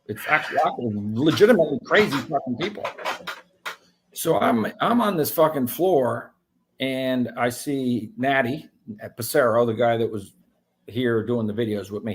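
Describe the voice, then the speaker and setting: Profane, animated male storyteller. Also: mid-range voice. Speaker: interview guest. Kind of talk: casual storytelling interview.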